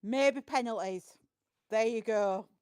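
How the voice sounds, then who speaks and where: Yorkshire woman, podcast regular, smooth higher voice, blunt and jokey, dry close mic. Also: slow, darkish tone, no echo. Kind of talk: casual chat.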